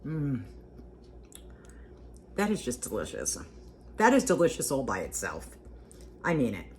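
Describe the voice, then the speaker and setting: A woman's voice: rumbling low, wildly swooping pitch, measured pace, slight background noise. A woman hosting a casual cooking vlog, homey and talkative, repeating herself and humming as she tastes. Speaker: cooking vlogger.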